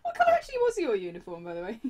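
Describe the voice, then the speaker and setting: A woman's voice: on the high side, wildly swooping pitch, rapid-fire, heavy background noise. A woman hosting a live stream, chatting casually and teasing her guest, giggling often. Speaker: streamer host. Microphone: desk mic.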